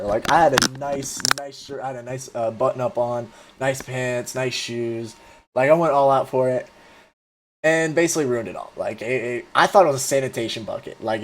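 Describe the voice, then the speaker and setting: Man, twenties, casual storyteller; rambling and profane, full of fillers. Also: mid-range voice. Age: 20s. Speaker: vlogger.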